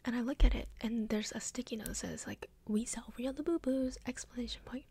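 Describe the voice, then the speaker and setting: A young woman with a breathy, half-whispered voice, rambling chattily through a soft-spoken ASMR story with lots of "like". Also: on the high side, a little fast. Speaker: ASMR creator.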